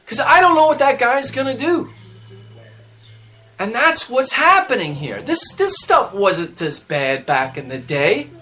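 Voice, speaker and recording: A man delivering a heated, profane talk-radio rant, getting louder and higher as he stresses his points. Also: very animated, a little slow, faint music behind. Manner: heated, profane, emphatic ranting that climbs in pitch and volume. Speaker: radio show segment contributor. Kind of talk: ranting talk-radio monologue. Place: radio studio.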